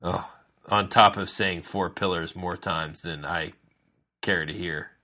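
A man co-hosting a casual podcast, speaking in a measured, slightly hesitant way. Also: sits low, steady tone, pushed and bright. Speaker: podcast co-host. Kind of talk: casual wrestling talk.

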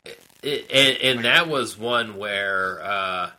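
Male co-host, slow relaxed pace, very bright tone, laid-back chat. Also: lowish voice, low-quality recording. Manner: unhurried, chuckling, hedging with fillers. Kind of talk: casual chat.

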